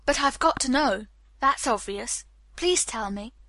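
A woman's voice: sits high, animated, measured pace, bright, forceful tone, no echo, exaggerated voice. A woman reading an audiobook, voicing an anxious young woman newly home from school. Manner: anxious, pleading.

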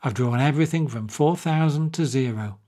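A man's voice: mid-range voice, moderate pace, warm tone, close to an everyday voice. A man reading aloud and voicing a sly, down-at-heel male screenwriter.

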